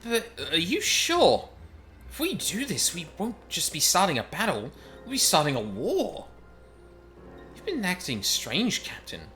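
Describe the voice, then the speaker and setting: A man doing a high, anxious pirate crewman. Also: huge pitch swings, unhurried, sharp tone, soft background music, heavily acted. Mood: worried. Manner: anxious, questioning, pitched up. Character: nervous, doubting pirate crew member. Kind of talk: reading game dialogue aloud in voices.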